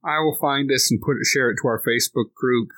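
A man's voice: mid-range voice, fast talker, fairly bright tone, no room sound. A middle-aged man hosting a podcast, chatting in a laid-back, wry way about tabletop gaming. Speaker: podcast host.

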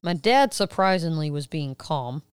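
A woman in her thirties co-hosting a podcast, retelling a story in casual chat and acting out quotes with loud, cursing outbursts. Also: deep voice, measured pace, clean tone, no echo, studio quality. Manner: animated retelling with loud acted quotes and swearing. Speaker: podcast co-host.

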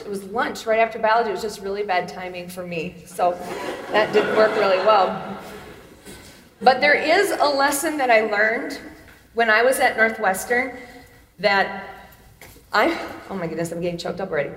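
A woman's voice: mid-range voice, moderate pace, pauses often, fairly bright tone. Chatty woman in an echoey hall. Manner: chatty, self-deprecating, laughing often. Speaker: chapel speaker. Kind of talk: chapel talk with personal stories. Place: large hall. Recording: echoey hall with long reverb.

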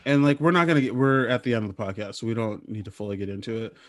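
A man's voice: mid-range voice, steady tone, racing, no room sound. A man hosting a podcast in casual comedic chat, rambling and jokey with casual swearing. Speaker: podcast host.

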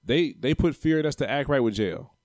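A man's voice: medium pitch, animated, fairly quick, darkish tone, no room sound. A man in a casual chat who makes his points in an emphatic, profane rant. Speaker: podcast co-host.

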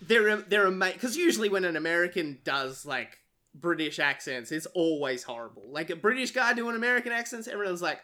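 Chatty bright-voiced man, lots of fillers. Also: high-pitched, fairly quick. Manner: animated, full of fillers, acts out quotes. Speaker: podcast co-host. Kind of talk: casual chat.

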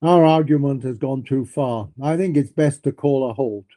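A man's voice: medium pitch, normal speed, warm tone, natural voice. A man voicing a blunt, dismissive young nihilist in a dramatic reading of a novel, with a curt, scornful delivery. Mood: defiant.

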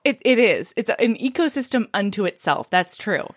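A woman co-hosting a casual chat, retelling a novel's scenes in an animated way and acting out the characters' lines. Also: medium pitch, moderate pace, no echo, studio quality. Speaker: podcast co-host.

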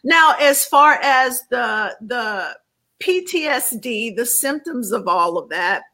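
A woman sharing a personal faith testimony as an interview guest, earnest and measured, often repeating words as she searches for them. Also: fairly high pitch, expressive, sharp tone, low-quality recording.

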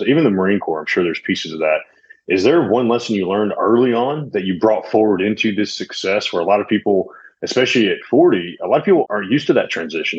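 A man's voice: low-pitched, husky, dull audio. A man hosting an interview, asking long, rambling questions full of fillers. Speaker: podcast host. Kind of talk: interview questions, casual chat.

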